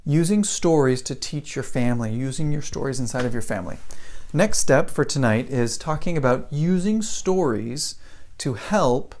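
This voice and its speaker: A man's voice: medium pitch, expressive, moderate pace, a little mellow. Brief: male English teacher, casual live-stream talk, storytelling, keeps asking "right?".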